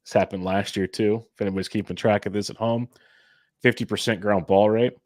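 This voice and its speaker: A man's voice: fairly low pitch, steady tone, brisk, a little mellow, dry recording, clean studio sound. A man co-hosting a fantasy baseball podcast, talking casually and a bit sarcastically. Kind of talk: casual sports chat.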